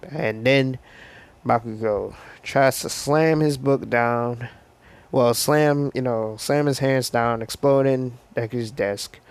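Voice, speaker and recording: A man's voice: mid-range voice, takes it slowly, clear, resonant tone. A man casually retelling a fan story, rambling with slang and lots of fillers.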